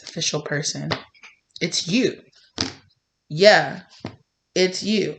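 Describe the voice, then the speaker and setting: A woman's voice: sits low, fairly even intonation, moderate pace, a little hiss or hum. Rambling woman doing a tarot reading. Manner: rambling, acts out imagined dialogue with gasps and hushed asides. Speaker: tarot reader. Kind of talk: casual tarot reading monologue.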